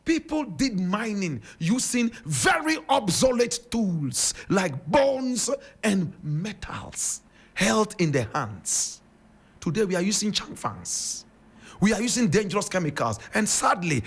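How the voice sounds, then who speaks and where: A man with a Ghanaian accent delivers impassioned radio commentary in a high, creaky, husky voice. He preaches emphatically, firing off one rhetorical question after another.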